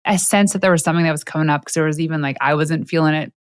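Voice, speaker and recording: A woman with a fairly low voice hosts a podcast conversation. She tells personal stories in a lively, animated way and laughs often. Her voice sounds dry and close to the mic. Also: very fast, dry recording. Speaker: podcast host. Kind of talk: casual interview chat.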